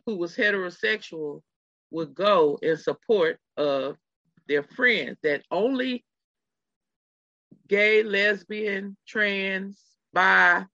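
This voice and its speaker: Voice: medium pitch, slow, sharp tone, dry recording. A middle-aged podcast host telling a story in casual chat, talking straight to the listeners. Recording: slightly dull lo-fi sound.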